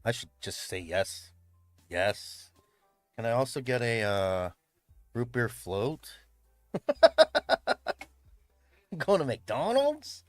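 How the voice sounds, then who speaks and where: A man's voice: on the low side, takes it slowly, long pauses, dry recording, faint music behind. A young man from the Philippines, chatting on a livestream in a rambling way, full of fillers and restarts. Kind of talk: casual livestream chat. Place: home room, tidying up. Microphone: streaming mic.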